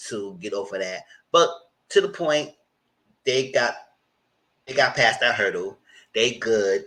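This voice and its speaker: A man's voice: fairly bright tone, rough recording. Chatty man recapping reality TV. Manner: chatty and conversational, breaks into high mock voices when quoting. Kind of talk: casual recap commentary.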